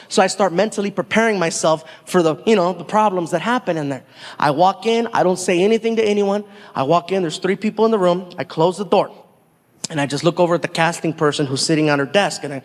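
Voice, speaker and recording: A man doing animated stand-up storytelling on a theater stage, acting out the voices of people in his stories. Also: high-pitched, fairly quick, in a large hall. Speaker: stand-up comedian.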